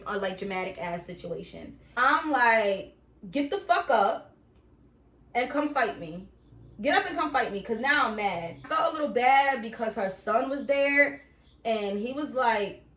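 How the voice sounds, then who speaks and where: A young woman casually telling a profane storytime, acting out her own shouting in a lively way. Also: a little high, echoey room. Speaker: vlogger.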